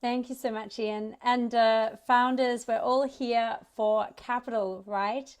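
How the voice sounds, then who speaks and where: An Australian woman hosting a startup pitch event, giving an enthusiastic welcome speech. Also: fairly even intonation, takes it slowly. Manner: upbeat, enthusiastic. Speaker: event host.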